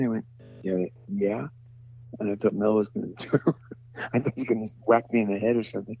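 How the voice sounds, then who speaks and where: A man's voice: lowish voice, flat delivery, brisk, dark tone. An older man, a voice actor, telling long rambling stories in an interview and acting out the voices he quotes. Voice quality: gravelly, husky. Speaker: voice actor guest. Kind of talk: interview storytelling. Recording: dull lo-fi sound.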